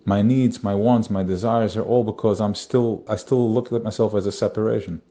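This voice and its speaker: Low, mellow-voiced man giving a Torah talk. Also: steady tone, a little fast, a little hiss or hum. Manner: spiritual, searching, repeats phrases. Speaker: Torah teacher.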